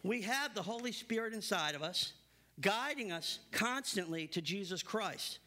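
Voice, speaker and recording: A man preaching a sermon, reading scripture aloud and then stressing his points with building emphasis. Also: a little slow. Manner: emphatic, builds to animated high-pitched stresses; reads scripture aloud between remarks.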